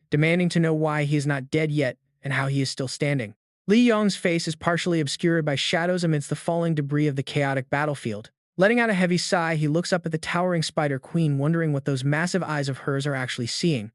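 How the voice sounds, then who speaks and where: A man narrating a comic recap in a dramatic, even-paced storytelling manner. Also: on the high side, no echo, clean studio sound.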